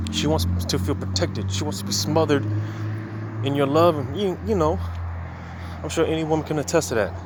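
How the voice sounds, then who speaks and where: A man's voice: medium pitch, noisy background. A man giving a casual, conversational sermon, reading scripture and talking it over with many "man" and "you know" asides. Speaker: religious teacher.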